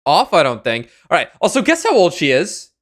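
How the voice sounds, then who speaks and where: A man's voice: fairly high pitch, wildly swooping pitch, a little fast. A young man streaming a courtroom game, chatting casually, joking and swearing with friends. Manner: rambling, joking, swears freely. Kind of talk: casual game let's-play commentary.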